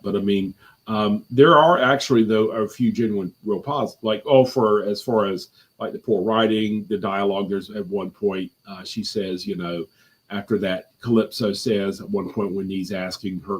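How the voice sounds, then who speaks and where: A low, husky-voiced man chats casually from home as a guest on a live movie review stream, rambling with many fillers and restarts.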